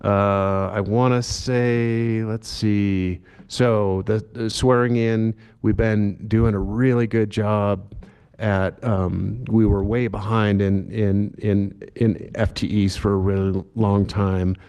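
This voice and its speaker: A man speaking at a public commission meeting, talking in a halting way with many fillers and restarts. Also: on the low side, clean tone. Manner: self-described monotone delivery. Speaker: agency director at a commission meeting. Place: meeting room.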